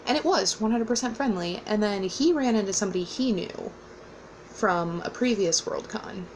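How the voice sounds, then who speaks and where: A woman's voice: medium pitch, animated, moderate pace, slight background noise, rough recording. Chatty young woman telling a story. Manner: chatty, rambling, with fillers and frequent laughs. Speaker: vlogger. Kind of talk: casual storytelling.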